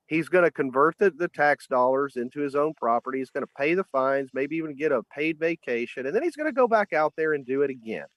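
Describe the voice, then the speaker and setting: A man's voice: a little high, a bit bright, dry recording. A man asking earnest, probing questions in a conversational interview.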